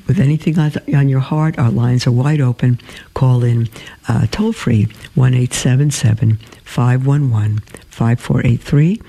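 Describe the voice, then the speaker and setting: A man's voice: medium pitch, vocal fry, dark tone. A middle-aged man hosting a live religious call-in radio show, talking earnestly with hesitant fillers and reading a story aloud.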